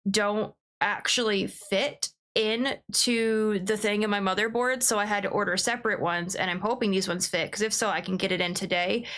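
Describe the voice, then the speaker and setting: A young woman streaming a game, chatting in a rambling, excitable way and laughing often. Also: mid-range voice, normal speed, few pauses. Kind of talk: casual livestream chat.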